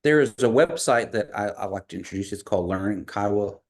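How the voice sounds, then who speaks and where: Patient male language teacher on a video call, low voice with lots of pitch movement. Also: expressive. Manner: patient, repeats words slowly for learners. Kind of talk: online language lesson.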